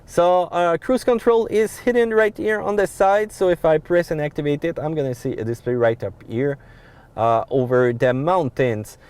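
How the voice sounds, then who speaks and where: A man's voice: medium pitch, darkish tone, smooth. A man with a French accent giving a casual walkthrough of a pickup's dashboard controls, loose and full of fillers. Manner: loose explaining with frequent uh fillers and restarts. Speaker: car reviewer. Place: inside a pickup truck cab.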